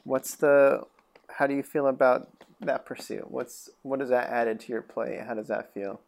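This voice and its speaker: A man's voice: mid-range voice, fairly even intonation, moderate pace, creaky, a little mellow. A man hosting a podcast interview, asking long questions with several parts. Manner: asks long multi-part questions. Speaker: podcast host. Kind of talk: casual interview conversation.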